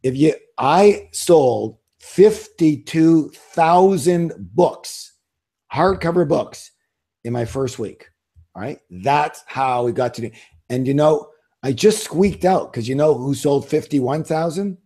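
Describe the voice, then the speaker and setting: A middle-aged interview guest who writes books and leads seminars tells stories in a relaxed, confident way, stressing points by repeating them. His slightly high voice is expressive, slow, warm and a bit rough.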